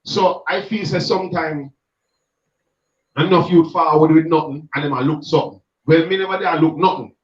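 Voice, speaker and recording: Speaking patois at a moderate pace, this Jamaican man, a street gospel minister, presses his arguments in a passionate reasoning conversation, his fairly high voice keeping a steady tone. The audio is muffled, with him set back from the microphone in a room full of echo.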